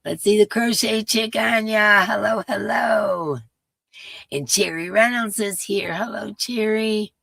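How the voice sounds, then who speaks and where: Casting note: woman host, hoarse and gravelly, chatty, dry close sound. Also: mid-range voice, measured pace, hardly any pauses, a bit bright, no room sound. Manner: chatty, reads viewer names aloud. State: hoarse, voice coming and going. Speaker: livestream host. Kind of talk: casual live-stream chat greeting viewers.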